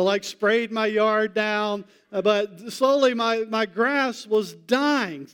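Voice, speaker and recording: A man preaching a sermon in a conversational way, slowing down to stress key points. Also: extremely high pitch, clean tone. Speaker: pastor.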